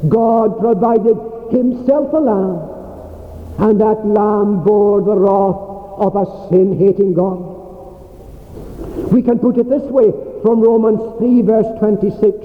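High-voiced preacher in echoey hall. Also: male voice. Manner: slow, emphatic preaching with weighty pauses. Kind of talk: sermon. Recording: tinny phone-like sermon recording in an echoey hall.

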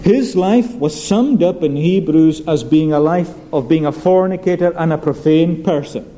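A man's voice: a little high, normal speed, warm tone, low-quality recording. A male preacher giving a sermon, emphatic, asking rhetorical questions and repeating key phrases.

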